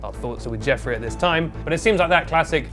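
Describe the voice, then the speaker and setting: A man hosting a comic news show in a dry, deadpan, mock-serious way. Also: fairly high pitch, fast, faint music behind. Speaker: host. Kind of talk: comedic news commentary.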